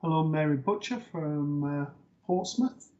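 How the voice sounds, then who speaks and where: A man's voice: fairly high pitch, unhurried. Man hosting a live psychic show. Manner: relaxed, hesitant with fillers. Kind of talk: live-stream host talk. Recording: dull lo-fi stream audio.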